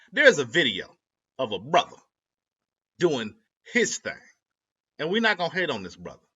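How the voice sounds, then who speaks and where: Young adult man from Ohio, vlogger rambling to camera, bright lively voice, slangy and self-interrupting. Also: a little high. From Ohio, USA. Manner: animated, self-interrupting, slangy, laughs at his own jokes. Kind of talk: rambling casual monologue. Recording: lo-fi dull audio.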